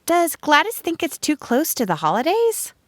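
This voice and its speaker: Woman voicing Mabel, high eager young schoolteacher. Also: huge pitch swings, normal speed, dry recording, studio quality. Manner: eager, exclamatory questions.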